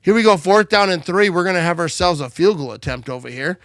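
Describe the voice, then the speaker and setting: A man's voice: sits high, expressive, quick pace, dry recording, clean studio sound. A man hosting a live watch party, joking and calling plays, a bit tipsy. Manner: loud, joking play-by-play banter. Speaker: livestream host.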